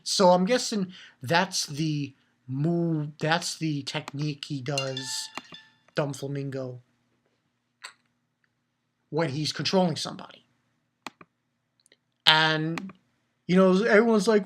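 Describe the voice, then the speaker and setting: Bright-voiced man ranting casually. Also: fairly high pitch, slow pace, long pauses. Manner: animated rambling with frequent swearing and restarts. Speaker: manga reviewer. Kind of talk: casual solo video review.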